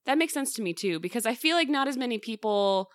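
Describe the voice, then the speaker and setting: A woman's voice: fairly high pitch, animated, fast, no room sound, clean studio sound. A woman hosting a casual chat about a study, talking in a chatty way with many fillers.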